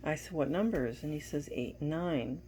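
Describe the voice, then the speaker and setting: A woman's voice: sits low, moderate pace, dark tone, slight background noise. A woman giving a casual personal update to viewers, telling a story and retelling dialogue with bits of laughter. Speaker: wife giving a family update.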